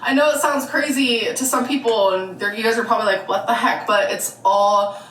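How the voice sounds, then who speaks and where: A woman's voice: fairly high pitch, normal speed, a bit bright, slight background noise. A woman chatting through a casual haul vlog in a rambling, chatty way. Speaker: vlogger. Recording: echoey room, voice from far off.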